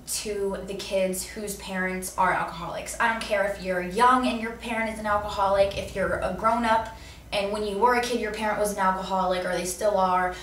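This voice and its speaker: This young woman vlogger speaks in a mid-range, fairly bright voice, giving a heartfelt personal video message from a seated spot indoors. Echoey distant-mic audio carries faint room noise.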